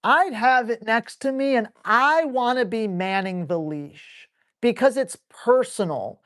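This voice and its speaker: A man who trains dogs, answering viewer questions on a live stream in a blunt, excitable, salty way, breaking into quick acted asides. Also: extremely high pitch, clean tone.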